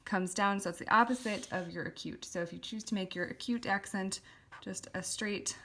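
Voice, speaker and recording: A woman's voice: medium pitch, normal speed, bright, forceful tone. A woman teaching a lettering lesson, explaining step by step in a patient way, with the odd filler. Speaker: calligraphy teacher.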